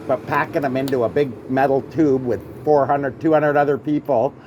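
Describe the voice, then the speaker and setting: A man's voice: mid-range voice, fairly even intonation, normal speed, background noise. A man hosting a vlog, chatting casually at a coffee shop, opinionated, swearing freely and often asking "right?". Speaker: vlog host. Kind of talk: casual chat.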